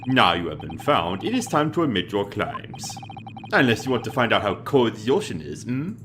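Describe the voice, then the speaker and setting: A man's voice: on the low side, sing-song, normal speed, noisy background. Susato, a man doing a formal young woman. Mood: accusing. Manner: stiff formal phrasing, accusing. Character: polite earnest young woman assistant, formal.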